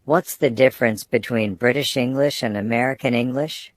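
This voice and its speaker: A man's voice: mid-range voice, normal speed, no room sound. Man reading student phrases, dry and close. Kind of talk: scripted phrase reading for learners.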